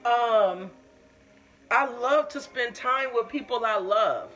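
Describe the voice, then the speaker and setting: A woman's voice: a little high, slow pace, fairly bright tone, faint music behind. A woman hosting a live stream in casual chat. She tells her own stories candidly with plenty of swearing and reads viewer comments aloud. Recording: muffled lo-fi stream audio.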